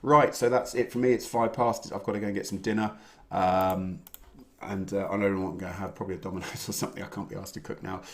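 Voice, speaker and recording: A man's voice: sits low, level tone, fast talker. A young man hosting a live online pub quiz from home, chatting casually with many fillers as he reads out answers and scores. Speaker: quiz host. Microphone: home computer mic on a video stream.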